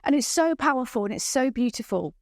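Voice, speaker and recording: A woman's voice: high voice, lively intonation, a little fast, dry recording, studio quality. A woman presenting a church leadership training session, enthusiastic and often checking in with her audience. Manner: enthusiastic, checks in with rhetorical questions.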